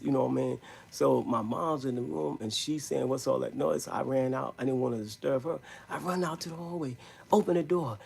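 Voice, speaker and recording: A man telling a rambling story in a live stream, in emphatic street slang, with a gravelly, husky voice. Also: mid-range voice, a little mellow.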